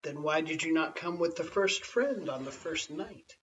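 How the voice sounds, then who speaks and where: A man's voice: fairly high pitch, expressive, normal speed, a bit bright, a little hiss or hum. A man voicing a wise, teasing woman of the cave who laughs at a cat, in a bedtime story reading. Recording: slightly distant, dull lo-fi home recording.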